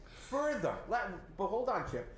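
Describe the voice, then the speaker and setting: A man with a New England accent hosting a local talk show, animated and sarcastic as he criticizes city leaders. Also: high-pitched, unhurried. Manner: animated, sarcastic, mocks others in put-on voices. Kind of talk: opinionated local politics discussion. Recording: echoey room with faint ambient noise.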